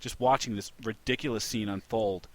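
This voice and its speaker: A man hosting a casual podcast, telling an animated story with lots of restarts. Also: on the low side, fairly quick. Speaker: podcast host.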